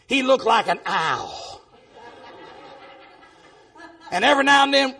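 A man preaching, telling folksy stories with exuberant shouting bursts and a husky voice. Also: fairly high pitch. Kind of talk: storytelling sermon testimony.

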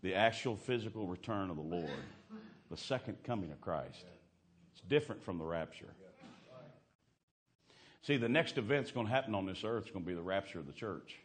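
A man preaching a fervent sermon, swinging from hushed asides to shouting. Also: on the low side, expressive, fairly quick, pauses often.

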